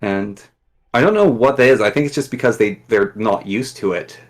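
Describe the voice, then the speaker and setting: Low-voiced man chatting casually. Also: moderate pace. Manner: relaxed and chatty, with frequent fillers. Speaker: guest YouTuber. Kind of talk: casual chat.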